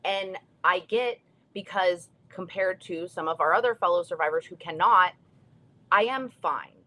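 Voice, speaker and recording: A young adult woman, a stroke survivor who co-hosts a casual talk show, speaks earnestly and reflectively. Her voice is lowish, bright and forceful, at a moderate pace.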